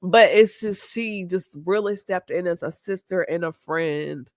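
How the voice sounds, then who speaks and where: A woman, hosting a podcast and talking candidly and reflectively, quoting people in lively voices. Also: fairly low pitch, unhurried, dry recording, clean studio sound. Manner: reflective, open, quotes herself and others in lively voices. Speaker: podcast host. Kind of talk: candid conversational chat.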